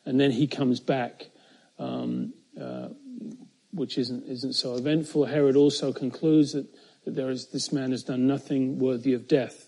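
A man preaching an expository Bible teaching, measured and emphatic, slowing down on key phrases, with occasional fillers and self-corrections. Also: medium pitch, steady tone, dark tone, slightly rough.

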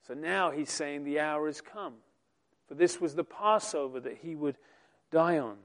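A man preaching a sermon, reading scripture aloud and swelling loud and slow on the quoted lines. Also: a little high.

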